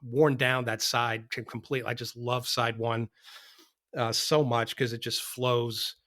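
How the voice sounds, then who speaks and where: A man in his fifties with a mid-pitched voice chats on a podcast, excitable and full of stammered restarts. He talks like a fan who loves sci-fi. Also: slow pace. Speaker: podcast co-host. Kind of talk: casual music chat.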